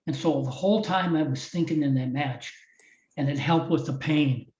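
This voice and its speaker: A man's voice: a little high, moderate pace, a little mellow. Older man telling an earnest story. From Iowa, USA. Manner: earnest, heartfelt storytelling with frequent restarts. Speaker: guest, former wrestling champion and motivational speaker. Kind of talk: storytelling in a podcast interview. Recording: roomy, distant, slightly dull audio.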